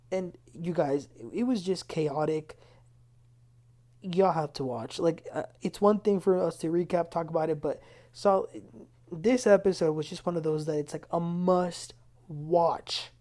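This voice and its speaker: Woman host, TV recap, lively and chatty, mellow low voice. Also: a little slow. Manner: animated, acts out quotes in raised pitch. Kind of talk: casual TV recap.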